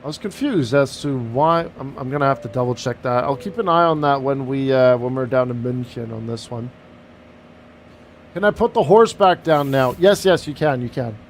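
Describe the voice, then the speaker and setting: A man's voice: medium pitch, expressive, normal speed, a little hiss or hum. A man streaming a flight sim, chatting casually and joking while he talks through each step of the cockpit setup. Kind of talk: casual live-stream commentary.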